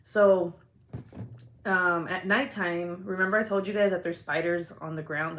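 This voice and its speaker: A young woman telling a story in casual livestream chat, animated and profane, laughing often and acting out her own reactions. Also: fairly low pitch, unhurried.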